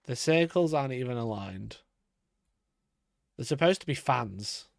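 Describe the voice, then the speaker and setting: Young male streamer, mid-pitched, loose and profane, laughs a lot, dry sound. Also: expressive, a little slow, creaky, no room sound. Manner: sweary, laughs often, talks to his cat. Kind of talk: casual live-stream chat.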